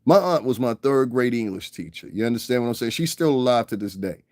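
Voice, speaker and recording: A man's voice: medium pitch, expressive, fast, darkish tone, no echo, clean studio sound. Profane rambling male livestream host. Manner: profane, rambling, keeps asking "you understand what I'm saying", laughs often. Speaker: livestream commentator. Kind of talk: rambling casual livestream commentary.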